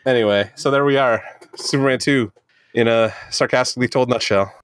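A man's voice: mid-range voice, fairly quick, smooth. A man co-hosting a casual movie review podcast, rambling, sarcastic and profane. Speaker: podcast co-host.

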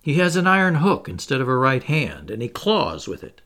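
A man reading a storybook aloud, voicing a cocky, confident young boy who leads the others in a brisk, boastful tone. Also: mid-range voice, wildly swooping pitch, fairly bright tone.

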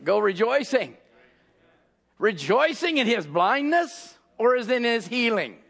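Gravelly-voiced man preaching a fervent sermon. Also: extremely high pitch, big pitch swings, unhurried. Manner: impassioned, shouting at peaks, acting out scenes.

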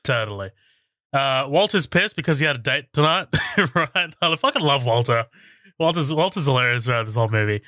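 A man's voice: medium pitch, lively intonation, a little fast, sharp tone, dry recording, clean studio sound. A man co-hosting a casual podcast, recapping a movie's scenes in a laid-back, profane way. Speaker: podcast co-host.

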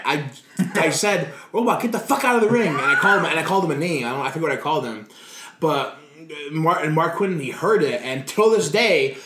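A man being interviewed, telling stories in a lively way, swearing freely and laughing as he talks. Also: on the high side. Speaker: guest wrestler. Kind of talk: casual interview storytelling. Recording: roomy echo.

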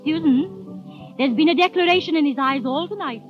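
A woman's voice: high-pitched, moderate pace, natural voice. A young woman voicing a schoolmistress who poses as a coquettish niece, speaking theatrically with frequent sighs and exclamations in an old radio drama. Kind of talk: 1930s radio drama acting. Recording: tinny lo-fi old radio broadcast with faint music.

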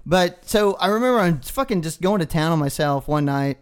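A man's voice: fairly high pitch, lively intonation, fairly quick, clean tone. A man co-hosting a podcast who tells crude stories and swears constantly in casual banter. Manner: profane, swears constantly while storytelling. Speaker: podcast co-host.

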